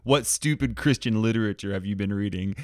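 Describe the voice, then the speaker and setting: A man's voice: fairly low pitch, brisk, darkish tone, no echo, clean studio sound, natural voice. A man putting on a Scottish accent to voice a stern old preacher who scolds emphatically. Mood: scolding. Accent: Scottish, put on.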